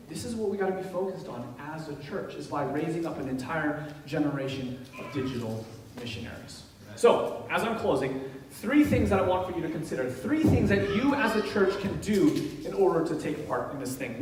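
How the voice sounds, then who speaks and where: A man's voice: high voice, a little hiss or hum. A man preaching a sermon in a church, telling stories and acting out the people in them. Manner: animated, playacts the people in his stories. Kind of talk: sermon with storytelling. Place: church hall. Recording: echoey hall, from far off.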